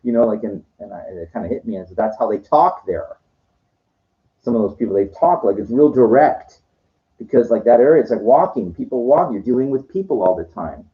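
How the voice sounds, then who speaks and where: A man telling meandering personal stories, filled with "you know" and often trailing off quietly. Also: mid-range voice, expressive, fairly quick, narrow, tinny audio. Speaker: vlogger. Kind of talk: rambling personal storytelling. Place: lives in Los Angeles.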